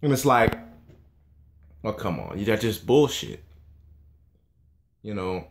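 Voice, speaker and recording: A man's voice: lowish voice, big pitch swings, takes it slowly, gravelly. A man in a casual monologue, ranting in a heated, scornful and profane way.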